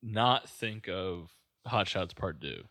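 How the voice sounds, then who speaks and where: A man rambling through casual movie talk, swearing and laughing. His voice is bright and forward, recorded dry with no room sound. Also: deep voice, expressive, slow, no room sound. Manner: profane, laughing, loose and rambling. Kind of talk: casual movie-riffing chat.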